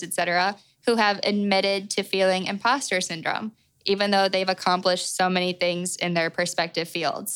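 A young adult woman hosts a solo podcast on her own microphone, offering chatty, encouraging advice with lots of "like." Her medium-pitched voice is a bit bright, clear and resonant, though the recording is rough.

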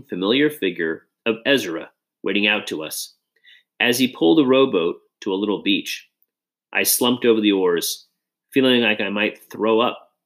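A man's voice: lowish voice, fairly bright tone. A man narrating a children's novel in the first person and acting out the dialogue. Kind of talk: audiobook reading of a children's novel.

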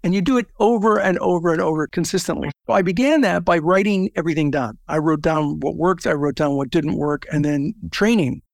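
A man's voice: fairly high pitch, a little fast, gravelly, few pauses, no echo, studio quality. An older man from Southern California, a networking organization founder telling stories and analogies as an interview guest. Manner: storytelling with quoted voices and analogies. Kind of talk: interview conversation.

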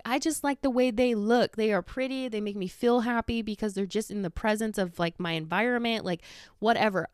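A woman's voice: on the high side, smooth, no echo, studio quality. Heated, sarcastic woman ranting. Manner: heated, sarcastic, swears freely, mimics people. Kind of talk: casual solo rant.

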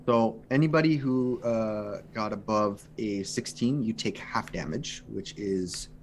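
A man with a lowish voice runs a tabletop game over an online call. He explains rules and narrates the action with plenty of fillers. A faint hiss of background noise sits under the voice. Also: a little slow. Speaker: game master.

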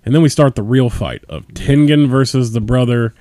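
A man's voice: mid-range voice, normal speed, dark tone, no echo. Laid-back young man chiming in. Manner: laid-back, swears casually, chimes in briefly. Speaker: podcast co-host. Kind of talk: casual anime recap chat.

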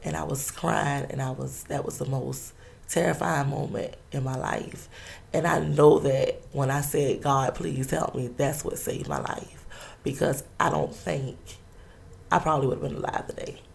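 A woman telling a personal story in an interview, halting and earnest, with many pauses and restarts. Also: a bass voice, fairly even intonation, creaky, slight background noise.

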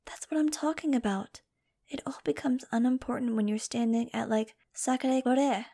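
A woman reading an audiobook, voicing a small, wheedling girl in a whispered role-play, slow, breathy and mock-tragic. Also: sits high, fairly even intonation, dark tone, voice pushed up, exaggerated voice. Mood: melodramatic.

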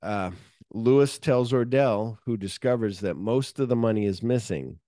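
In a studio-quality recording with no room sound, a man with a mid-range voice talks at normal speed as he hosts a podcast. He retells a movie's plot in a lively, casual way, peppering it with fillers and casual curses and switching between reading the summary and making offhand remarks.

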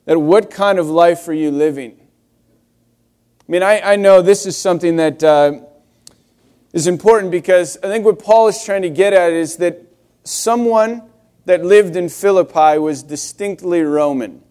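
Young male pastor, slightly high voice, conversational and wry, casual sermon delivery. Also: measured pace, warm tone, smooth. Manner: conversational, wry storytelling with restarts.

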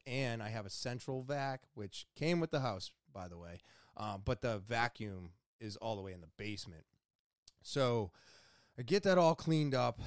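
Man, young adult, casual vlog storytelling, exasperated, animated, medium pitch, dry sound. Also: no echo. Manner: animated, exasperated retelling with quoted inner thoughts. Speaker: vlogger.

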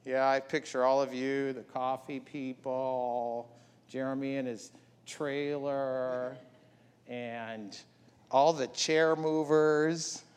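Slow-preaching man in a reverberant hall. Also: medium pitch, level tone, clear, resonant tone. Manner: preaching with rising, emphatic repetition. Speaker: pastor. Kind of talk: sermon.

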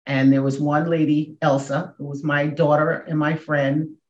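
Woman in her 60s, podcast guest, emphatic storytelling, sudden loud highs, roomy muffled sound. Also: level tone, moderate pace. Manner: emphatic, with sudden jumps up and down in pitch and volume. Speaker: guest, comedian and motivational speaker. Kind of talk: emotional storytelling in a podcast interview. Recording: echoey, dull room sound.

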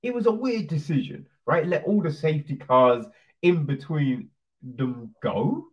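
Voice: mid-range voice, lively intonation, unhurried, darkish tone. A commentator delivering a profane, sarcastic, heated opinion rant. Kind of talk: ranting opinion monologue. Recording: distant dull lo-fi sound.

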